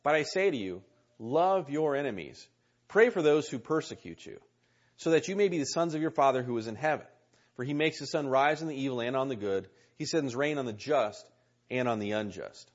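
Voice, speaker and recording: An earnest male preacher delivering a sermon and reading scripture aloud, often repeating his key words. His voice is husky and mid-pitched. The recording sounds muffled and lo-fi. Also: animated, fairly quick.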